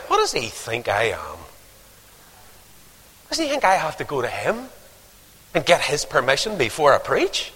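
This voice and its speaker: A man preaching a sermon, telling stories with lively acted-out voices. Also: on the high side, moderate pace, breathy edge. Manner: animated storytelling, acting out voices. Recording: long hall reverb.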